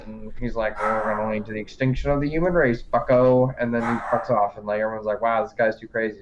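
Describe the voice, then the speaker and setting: A man's voice: on the low side, background noise. A man co-hosting a podcast, recapping a TV series in casual, rambling chat, swearing and laughing often. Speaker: podcast co-host.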